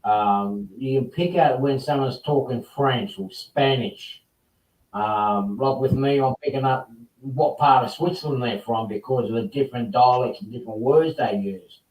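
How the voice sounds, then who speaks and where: A man's voice: mid-range voice, a little slow, darkish tone, slight background noise. Rambly chatty guy hosting a casual call, sounds far off the mic in an echoey room. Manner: chatty storyteller, rambling with restarts. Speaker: host. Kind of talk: casual chat. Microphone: video call. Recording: roomy distant mic.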